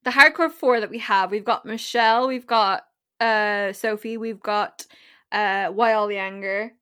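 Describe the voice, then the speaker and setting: A woman's voice: medium pitch, steady tone, measured pace, fairly bright tone, clear, resonant tone. A tipsy woman co-hosting a podcast in casual chat, laid-back and giggly, swearing now and then. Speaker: podcast co-host.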